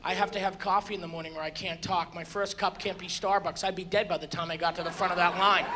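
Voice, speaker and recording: A man doing a stand-up comedy set on stage, exasperated and ranting, bursting into loud shouts before a live audience. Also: sits high, fairly even intonation, quick pace, hardly any pauses. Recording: live show with audience laughter and noise.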